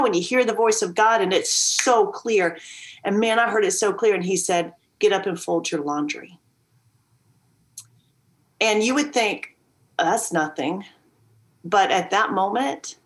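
Woman, podcast guest, earnest, emphatic, storytelling, video call. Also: medium pitch. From Virginia. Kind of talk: candid storytelling interview.

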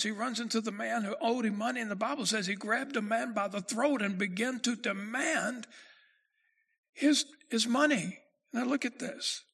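A man preaching a sermon in a high voice with a gravelly edge. He reads scripture in slow, measured phrases, then presses his points with growing force. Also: sharp tone. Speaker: pastor.

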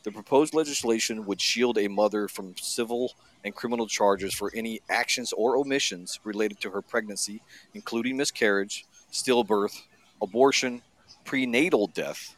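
A man's voice: fairly low pitch, normal speed. A man co-hosting a casual political talk show, blunt and sarcastic, at times reading aloud from a bill. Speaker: podcast co-host.

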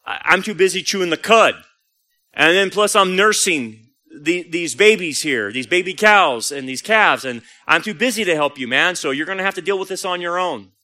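A man's voice: high voice, animated, normal speed, pushed and bright. A man voicing a busy female cow nursing her calves, who turns away a plea for help. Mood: dismissive. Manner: casual, dismissive.

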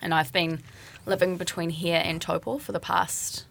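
A woman's voice: fairly low pitch, steady tone, moderate pace, vocal fry, a bit bright. Teasing Kiwi woman in her thirties. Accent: New Zealand. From New Zealand. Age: 30s. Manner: teasing, direct questions. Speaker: dating show guest. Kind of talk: casual chat.

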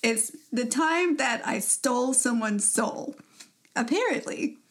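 A young woman co-hosting a podcast tells a story in casual chat, laughing often and using lots of fillers. Her voice is fairly high and expressive, and she speaks at a slow pace.

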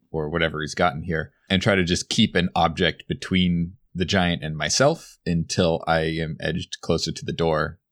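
A man's voice: low voice, a bit bright. A man playing in a tabletop role-playing game, talking casually and thinking aloud about what his character does. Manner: easygoing, thinks aloud with fillers. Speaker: player.

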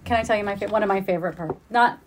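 A woman's voice: mid-range voice, very fast, faint music behind. A woman interviewing an author, talking in an enthusiastic way and laughing often. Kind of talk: casual interview.

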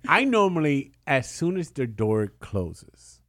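A man with a high voice that swings widely jokes his way through a casual podcast chat. He swears freely and laughs often between lines, recorded in a radio studio. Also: sing-song, slow, a bit bright, dry recording. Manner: joking, profane, laughs often. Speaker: podcast co-host.

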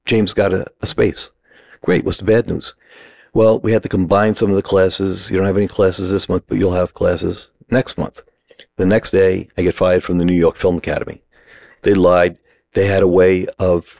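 A middle-aged man, an acting teacher, telling an animated story on a podcast and acting out the other people's voices. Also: low voice, creaky, no room sound. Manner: animated anecdote, acts out quoted voices.

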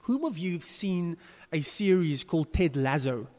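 A man's voice: fairly high pitch, expressive, normal speed, a little mellow, big-room sound. A pastor preaching a sermon to his congregation, chatty and self-deprecating, with frequent restarts.

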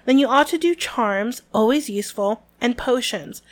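A severe older professor, brisk and dry, with her patience wearing thin, read aloud by a woman on a podcast. The voice sits fairly high, and each line comes out crisp and clipped, as if through tightly gritted teeth. It is an unhurried, icy read-aloud. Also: close to an everyday voice. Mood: stern. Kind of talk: reading a novel aloud on a podcast.

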